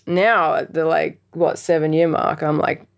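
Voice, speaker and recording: A woman's voice: low-pitched, level tone, measured pace, creaky, clear, resonant tone. A woman musician answering interview questions, thoughtful and reflective with wry laughs. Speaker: musician guest.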